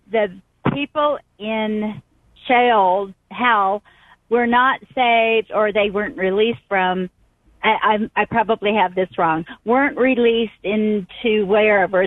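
A woman's voice: medium pitch, no echo. A woman calling in to a radio show, asking a question in a polite, hesitant way. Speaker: caller. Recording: tinny phone line.

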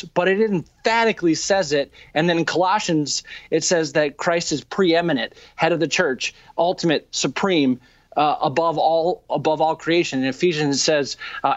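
A man with a fairly high voice makes his case through earnest, halting questions, restarting often. The sound is dull and lo-fi. It is dry, with no room echo. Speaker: debater. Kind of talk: theological debate.

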